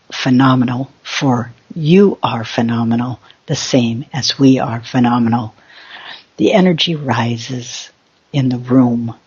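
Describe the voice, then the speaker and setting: A calm ancient spirit collective, voiced by a woman whose voice drops well below her usual pitch. It speaks in slow, measured, solemn pronouncements, with a husky edge and a dull, lo-fi sound. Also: heavily acted.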